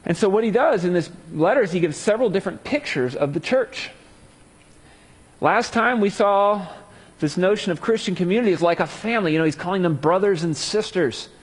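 A man giving a conversational Bible teaching, casual in his asides and animated when he reads scripture aloud. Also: sits high, brisk, slightly rough. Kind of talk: conversational sermon. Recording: long hall reverb.

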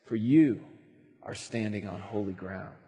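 God, low and hushed, put on by a preacher, calm and commanding, husky, with a long hall echo. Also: male voice, measured pace. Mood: solemn.

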